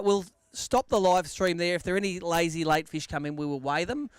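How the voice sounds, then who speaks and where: High, clear-voiced Australian weigh-in host. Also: male voice, dry recording, studio quality. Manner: brisk, joking, matey. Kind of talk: live tournament weigh-in banter. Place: outdoor weigh tent at a lake.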